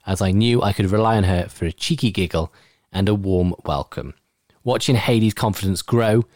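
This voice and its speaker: A man's voice: low voice, a little mellow, no echo, studio quality. A man presenting on community radio over a video call, chatting casually, laughing easily and reading out tributes.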